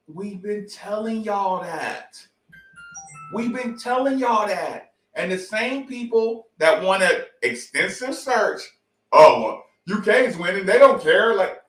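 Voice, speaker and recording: A man's voice: high-pitched, a bit bright, distant mic. A man hosting a sports talk show, ranting in a fired-up, profane, repetitive way. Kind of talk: heated sports talk rant. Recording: echoey room, voice off-mic.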